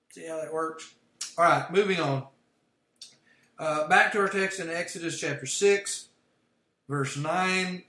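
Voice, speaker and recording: A man's voice: a little high, unhurried, long pauses, sharp tone. A man leading a livestreamed Bible study, explaining word meanings step by step. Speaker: Bible teacher. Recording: echoey room.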